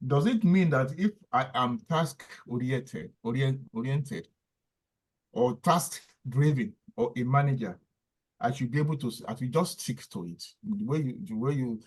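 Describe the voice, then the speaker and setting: A man's voice: medium pitch, normal speed, husky, low-quality recording. A man moderating a panel discussion, hesitant with many ums as he thanks speakers and reads out audience questions.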